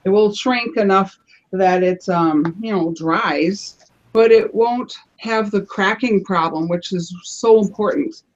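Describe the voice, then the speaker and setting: A woman's voice: mid-range voice, takes it slowly, lo-fi sound. A woman on a live panel show casually showing her crafts, chatty, often restarting her phrases as she explains.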